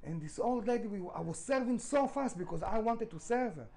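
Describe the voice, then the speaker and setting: Emphatic high-voiced man telling his story. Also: animated, brisk, creaky, a little mellow, poor audio. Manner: emphatic, swears freely, non-native grammar. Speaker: restaurant founder, guest. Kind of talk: storytelling in a podcast interview.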